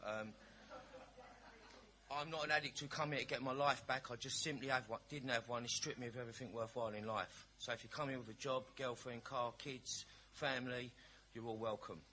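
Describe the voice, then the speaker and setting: A man's voice: medium pitch, fairly even intonation, fairly quick, sharp tone, a little hiss or hum. A man giving a personal share at a recovery meeting, telling his story in a chatty, blunt, jokey way.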